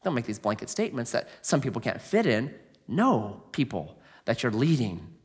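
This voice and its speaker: A man preaching a sermon in a conversational way, asking rhetorical questions and swinging from loud emphasis to quiet asides. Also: sing-song, moderate pace, slightly rough. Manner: swings between booming emphasis and hushed, low asides. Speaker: pastor.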